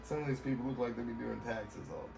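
A man's voice: medium pitch, fairly even intonation, fast talker, gravelly, a little mellow. A man hosting a casual reaction chat, laid-back and swearing freely. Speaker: reaction video host. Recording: echoey room, distant mic, hiss.

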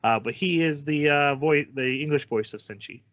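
A man's voice: on the high side, moderate pace, fairly bright tone, no room sound, muffled recording. A man hosting a podcast in casual chat, rambling with many restarts and fillers. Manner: rambling, repeats words, frequent fillers. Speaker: podcast host.

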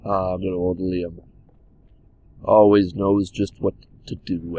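Here the young gameplay commentator talks slowly in a low, warm, flat voice, with slight background noise. He jokes at home by the console, mixing mock drama with abrupt yelps and occasionally drifting back from his desk mic.

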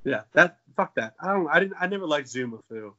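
A podcast co-host in his 20s fills a casual comedy show with jokes, profanity, and goofy high-pitched voices. He talks fairly quickly with lively intonation and a pushed, bright sound, but the audio is dull.

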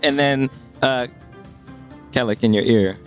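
A man's voice: mid-range voice, measured pace, faint music behind. A man playing a tabletop game, talking casually with hesitant restarts. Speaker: player.

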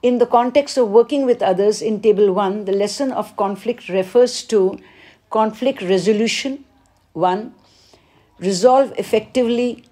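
A woman, teaching as she works through an exam paper, reading each question aloud and then explaining the answer with pauses. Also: mid-range voice, warm tone. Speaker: English teacher. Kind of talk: exam paper walkthrough lesson.

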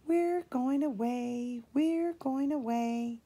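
Happy railway coaches from a children's storybook, chanting a slow sing-song refrain together, as a mother reading aloud puts them on. The voice is lifted and lilting. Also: sits high, warm tone, voice pushed up, exaggerated voice. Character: cheerful singing railway coaches.

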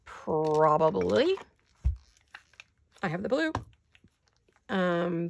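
An older woman with a gravelly, creaky voice chats casually at her craft desk, rambling from one thought to the next and apologizing for small interruptions. Faint background noise sits under her voice. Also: medium pitch, moderate pace. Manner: rambling, chatty, apologetic asides. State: hiccups. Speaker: paper craft vlogger. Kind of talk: casual chat while crafting.

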